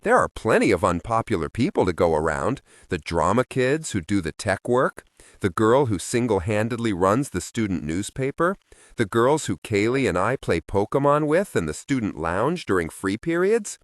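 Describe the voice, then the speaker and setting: Male audiobook reader, first-person storytelling, lower voice with a hugely lively pitch, dry close sound. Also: normal speed, no echo. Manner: expressive, shifting voices for characters. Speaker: audiobook narrator.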